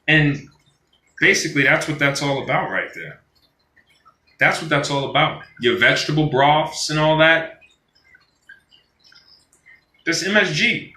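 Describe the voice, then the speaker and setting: A man's voice: a little high, unhurried, pauses often, pushed and bright, echoey room. A man ranting on a live stream in a casual, profane style, acting out quoted voices as he goes.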